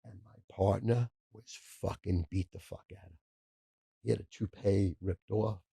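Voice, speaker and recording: A man in his sixties, a podcast guest, telling profane stories in a rapid-fire, casual way. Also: deep voice, fairly even intonation, gravelly, warm tone, slightly rough, dry recording. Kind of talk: casual storytelling.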